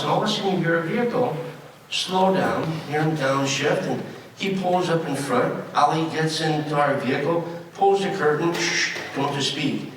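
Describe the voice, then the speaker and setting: A man's voice: fairly high pitch, fairly bright tone. A man in his sixties from the United States, telling an audience about being held hostage, in a conversational way with fillers and wry humor. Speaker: speaker recounting his time as a hostage. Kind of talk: storytelling speech to an audience. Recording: echoey hall from far off, faint noise.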